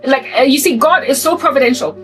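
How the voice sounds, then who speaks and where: A South African woman vlogging to camera, delivering an animated, preachy satirical rant full of repeated rhetorical questions. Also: high-pitched, quick pace. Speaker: Christian vlogger. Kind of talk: ranting satirical monologue to camera. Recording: voice distant from mic, faint music behind.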